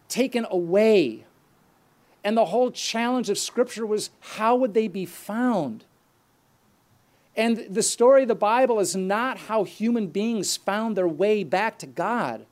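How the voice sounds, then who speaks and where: A male preacher giving an earnest, explanatory sermon with occasional asides. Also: high-pitched.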